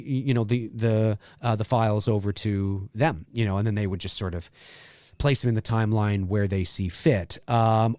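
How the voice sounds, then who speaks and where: Smooth and a little mellow, this medium-pitched voice belongs to a middle-aged Canadian podcast co-host on a live commentary show. His talk wanders, full of restarts padded with "you know," and the studio-quality recording has no echo.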